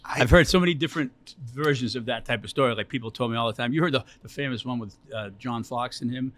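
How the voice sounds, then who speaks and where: A man's voice: medium pitch, quick pace, fairly bright tone, dry recording. A middle-aged man, a comedian guest, telling stories in a rambling way full of fillers. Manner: rambling, filler-heavy storytelling. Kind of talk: casual storytelling.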